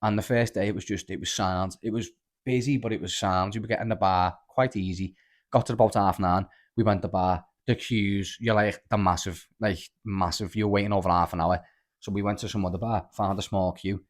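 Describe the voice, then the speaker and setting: A young man with a Liverpool accent hosting a podcast, telling stories in animated, casual chat full of swearing and "lad". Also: lowish voice, a little fast. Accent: Liverpool (Scouse). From Liverpool, England. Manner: animated storyteller, swears freely, lots of "lad" and "like". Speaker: podcast host.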